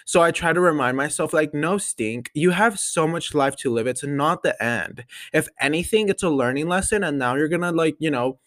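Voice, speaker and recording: A nineteen-year-old man hosting his own podcast, chatting casually in a gushing way with lots of fillers and sudden excited jumps in pitch. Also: normal speed, few pauses, no echo. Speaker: solo podcast host. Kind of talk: casual chat.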